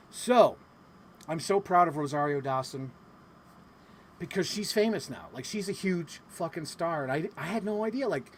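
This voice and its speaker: A man chats to his camera in a loose vlog style, talking in a voice a little higher than most. He gets animated and swears freely as he tells a story. A faint hiss sits under the recording. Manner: animated, swears freely, acts out quotes with big pitch jumps. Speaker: vlogger.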